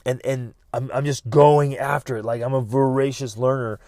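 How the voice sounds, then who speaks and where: A man's voice: mid-range voice, fairly even intonation, moderate pace, a little mellow, dry recording, studio quality. Earnest man hosting a motivational podcast. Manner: earnest, repeats words, many restarts. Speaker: podcast host.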